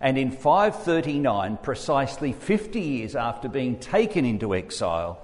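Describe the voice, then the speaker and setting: A man's voice: medium pitch, very animated, normal speed. A man with an Australian accent, preaching a sermon and reading scripture aloud as he teaches through the text. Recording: echoey hall with long reverb.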